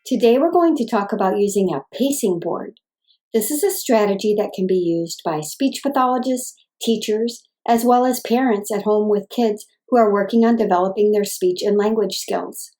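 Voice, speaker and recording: A woman speech-language pathologist giving calm, clear, scripted instructions for parents. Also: mid-range voice, moderate pace.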